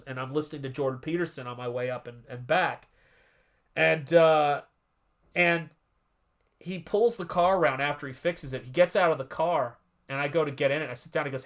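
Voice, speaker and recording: A man hosting a live stream, chatting casually in a rambling, animated way and often cutting himself off. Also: fairly high pitch. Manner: rambling, animated, self-interrupting. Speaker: livestream host and artist.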